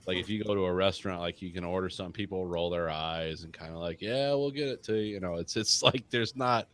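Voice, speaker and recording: A man's voice: low-pitched, fairly even intonation, fast talker, a bit bright. A man co-hosting a podcast, chatting casually, rambling and swearing freely. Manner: rambling, profane, quotes people in put-on voices. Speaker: podcast co-host. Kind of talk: casual chat.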